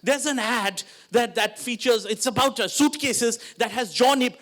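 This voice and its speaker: A man with an Indian English accent performing stand-up comedy, animated and slipping into character voices. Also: very high voice, normal speed.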